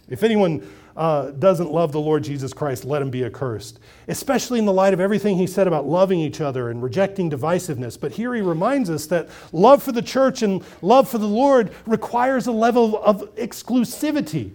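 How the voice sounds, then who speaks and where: Talking fairly quickly in a high-pitched, expressive voice, a middle-aged pastor preaches a sermon in a conversational manner. Loud, emphatic bursts give way to quiet asides, and he often repeats and restarts phrases.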